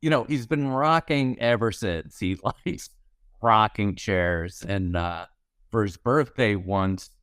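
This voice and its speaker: With a clear, resonant, fairly bright voice pitched fairly low, this comedy writer in his sixties speaks slowly. He's giving a podcast interview full of wry anecdotes and acts out the lines of people in them. Clean studio sound, no echo.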